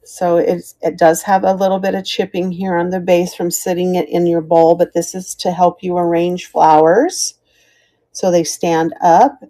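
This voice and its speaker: A woman's voice: fairly low pitch, flat delivery, normal speed, mellow. A middle-aged woman chatting as she sells vintage items on a live stream, thanking viewers by name. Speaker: live auction seller. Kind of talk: live-stream selling chat.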